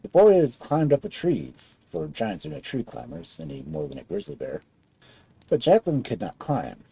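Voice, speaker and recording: A man reading a fairy tale aloud as a storyteller, in an expressive style. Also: moderate pace, gravelly, breathy edge, dry recording, poor audio. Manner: expressive storybook reading with wide swings in pitch.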